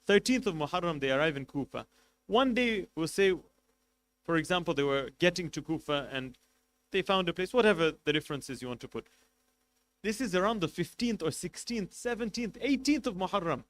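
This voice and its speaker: A man preaching a sermon, telling a story with passion, swinging between loud emphasis and quiet asides, and reciting Arabic quickly before translating it. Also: a little high. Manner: recites Arabic passages rapidly, then translates. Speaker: sheikh preaching at a mourning gathering.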